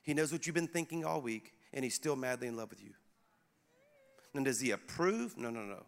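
A middle-aged male pastor preaching a sermon in a conversational, animated way, speaking directly to his congregation. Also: medium pitch, fairly quick, creaky. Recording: echoey hall.

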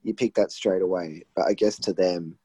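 Husky, low Australian podcast guy. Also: fairly even intonation, normal speed, mellow, no room sound, rough recording. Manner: laid-back, lots of "you know". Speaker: podcast co-host. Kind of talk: casual chat. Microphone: remote call, patchy line.

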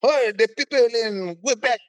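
A man's voice: very high-pitched, normal speed, no echo, voice pushed up. A man voicing a scornful snobby Parisian man in a mocking French accent. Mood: sneering.

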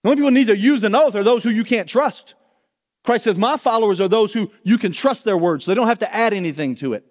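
A man's voice: sits high, fast talker, big-room sound. A man preaching a sermon as pastor, earnest and asking his listeners pointed questions.

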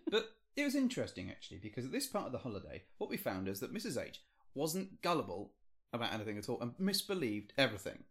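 A male podcast co-host from the UK talking in a relaxed, chatty way, his voice rising and falling a lot. He jokes constantly and bursts into playful exaggeration. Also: mid-range voice, quick pace. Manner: joking, animated, with playful outbursts. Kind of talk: casual chat.

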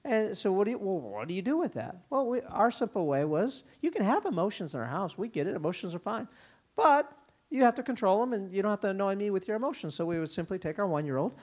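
A man speaking at a parenting conference, telling stories and acting out quick lines for kids and parents. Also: high-pitched. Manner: animated storytelling, voices children and parents in quoted bits. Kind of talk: conference talk. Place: conference hall.

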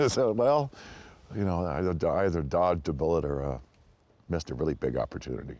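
A man being interviewed, telling animated anecdotes and acting out the voices of people he met. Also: brisk. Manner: animated, acts out other people's lines in higher voices; rambling with frequent restarts and laughs. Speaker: interview guest, actor. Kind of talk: anecdotal storytelling.

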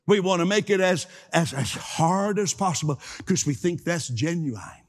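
A man's voice: on the high side, animated, normal speed, in a large hall. A man preaching a sermon, emphatic, repeating key phrases and asking the congregation to say them with him.

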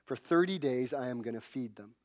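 A preacher giving voice to an angry, almighty God. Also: male voice, lively intonation, brisk, no room sound, studio quality, natural voice. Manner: low, emphatic declarations. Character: angry, all-powerful God, male voice. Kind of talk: retelling a scripture story in a sermon.

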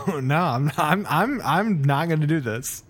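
A man's voice: on the high side, animated, measured pace, fairly bright tone, husky. A man co-hosting a podcast, hesitant and dry in casual chat. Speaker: podcast co-host.

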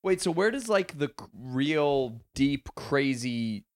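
A man's voice: mid-range voice, sing-song, takes it slowly. A man riffing comically in rambling, casual podcast chat. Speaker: comedian guest.

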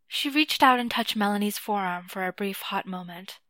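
A woman narrating a fictional story in a measured, scripted reading. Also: mid-range voice, pushed and bright, no echo.

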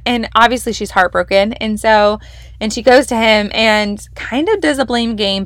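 A woman's voice: mid-range voice, fairly bright tone, no room sound. A young woman hosting a devotional podcast, teaching from the Bible in a casual, enthusiastic, emphatic way. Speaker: podcast host leading a devotional.

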